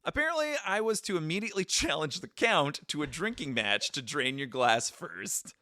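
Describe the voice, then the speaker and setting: A man's voice: a little high, animated, moderate pace, sharp tone, dry recording, studio quality. A young man co-hosting a podcast, telling a travel story in casual chat with goofy impressions and a read-from-notes stretch. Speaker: podcast co-host.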